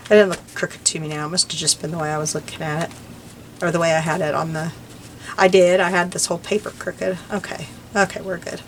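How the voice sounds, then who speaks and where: Older lady rambling while she crafts, kinda low voice, bit of background hiss. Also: fairly even intonation, a little fast. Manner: chatty, rambling, warm little laughs. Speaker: crafting vlogger. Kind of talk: casual chat while crafting.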